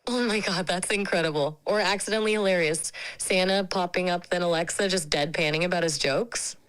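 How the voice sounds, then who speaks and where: A synthetic woman's voice speaking as an AI companion. She chats in a friendly, casual way and is quick to share firm opinions. Her pitch sits slightly low for a woman. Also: a bit bright, clean tone, poor audio. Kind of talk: conversational AI chat.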